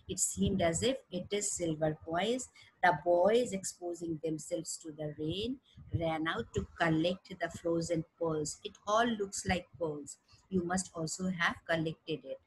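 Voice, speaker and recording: A woman's voice: lowish voice, husky, rough recording. A woman teacher with an Indian English accent, reading a story aloud and explaining it in simple words. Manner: reads a passage aloud, then explains it simply; slow, careful teaching tone with fillers.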